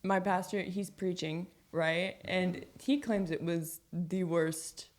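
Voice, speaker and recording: A young adult woman talking as a podcast guest, telling her personal faith story in a casual, chatty way, full of "like" and quick laughs. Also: on the low side, fairly even intonation, a little mellow. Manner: chatty, filler-heavy with frequent "like"; laughs easily mid-story.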